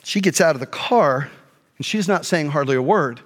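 Animated pastor man in a big hall. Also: fairly high pitch, moderate pace. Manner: animated, swings from quiet asides to shouting. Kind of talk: storytelling sermon. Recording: long hall reverb.

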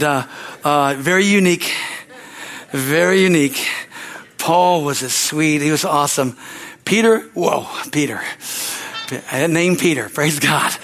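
A pastor in his sixties preaches a folksy, repetitive sermon, throwing "Amen?" out to the congregation and laughing through his anecdotes. His voice is fairly high and a bit bright.

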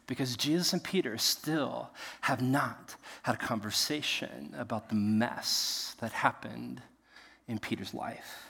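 A male pastor preaching a sermon, telling the story in a lively way and acting out the voices of the people in it, with laughs along the way. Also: medium pitch, creaky, breathy edge. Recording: long reverb of a large hall.

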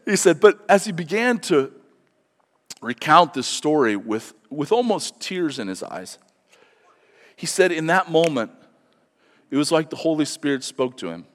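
Guy preaching sunday sermon, earnest, kinda high voice, stumbles and repeats words, church reverb. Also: big pitch swings, measured pace, pauses often. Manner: earnest, repeats words when starting sentences. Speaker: pastor. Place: church sanctuary. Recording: long hall reverb.

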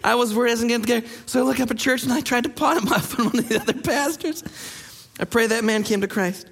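A man who pastors a church, preaching a sermon and telling stories with lively acted-out quotes. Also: extremely high pitch, quick pace, creaky, in a large hall, soft background music. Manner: animated storyteller acting out quoted people. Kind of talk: sermon storytelling.

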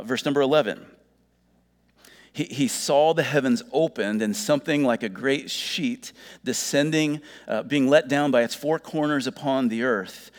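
A middle-aged pastor delivers a sermon in a loose, conversational way, tossing in joking asides and tripping over his own words. His voice sits at an ordinary male pitch. A long hall reverb trails every phrase, as in a church sanctuary.

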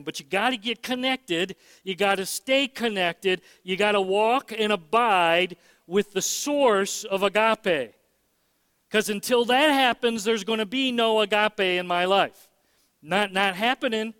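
A man's voice: high-pitched, a bit bright, clear, resonant tone, dry recording, big-room sound. A man preaching a sermon as pastor, emphatic, often repeating words and using fillers.

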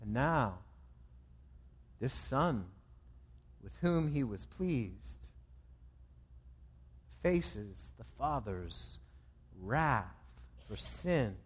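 A man's voice: mid-range voice, sing-song, very slow, pauses often, husky, in a large hall. A man preaching a sermon as pastor, with an emphatic, repetitive cadence.

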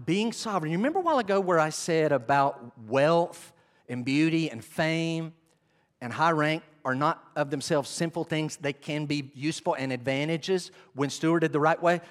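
A man with a drawl preaches in a big sanctuary, his fairly high voice ringing with long reverb. He tells the story with animated swings from hushed asides to loud bursts. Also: normal speed. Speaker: pastor. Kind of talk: sermon.

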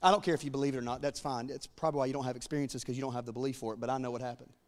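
A man preaching an impassioned sermon, acting out biblical dialogue in casual voices and building to near-shouting peaks. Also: mid-range voice, fairly even intonation, rapid-fire. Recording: long hall reverb.

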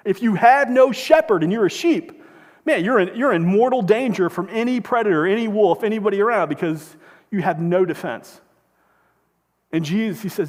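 A male pastor delivers a sermon in a high voice. He tells the story with animation and acts out the voices of the people in it. His words ring out with the long reverb of a large hall. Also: expressive, moderate pace, a little mellow.

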